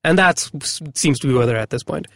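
A man co-hosting a casual podcast, upbeat and rambling, often pausing on fillers. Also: mid-range voice, animated, creaky, fairly bright tone, no room sound, studio quality. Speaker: podcast co-host. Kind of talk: casual chat.

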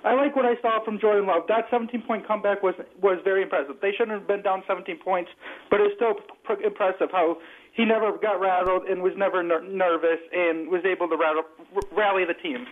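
A man's voice: high-pitched, steady tone, a little fast. A man calling in to a sports radio show, rambling and tripping over his words on a tinny phone line. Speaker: caller. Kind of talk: phone-in call.

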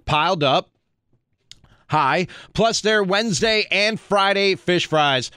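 A man hosting a sports talk radio show, chatty and energetic. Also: high voice, clear, resonant tone, no echo, clean studio sound. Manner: energetic, chatty, quick to laugh.

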